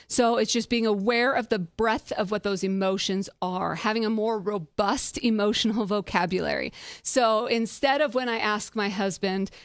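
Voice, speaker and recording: A woman hosting a podcast, giving a conversational leadership talk in a lively way, laughing often and making self-deprecating asides. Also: mid-range voice, moderate pace, dry recording. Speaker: podcast host.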